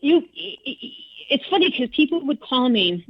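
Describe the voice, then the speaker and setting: A middle-aged woman, a former radio personality, telling stories as a guest and acting out quotes with big jumps in pitch. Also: sing-song, moderate pace, slightly rough, dry recording. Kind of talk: storytelling interview. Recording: dull, dry low-fi studio sound.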